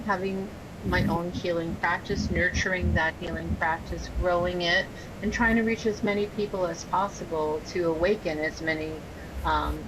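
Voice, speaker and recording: A woman with a lowish voice speaks as a podcast guest, measured and methodical, stringing terms together one after another. A loud low rumble sits under the recording throughout. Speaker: guest, energy healer and spiritual coach. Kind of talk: casual podcast interview.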